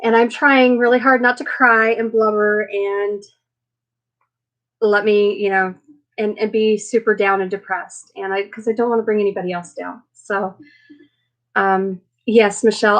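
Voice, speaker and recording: A woman's voice: mid-range voice, level tone, moderate pace. A woman hosting a casual live chat with viewers, chatty and rambling, with many fillers, tired and emotional after being sick. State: recovering from illness, emotional. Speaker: livestream host.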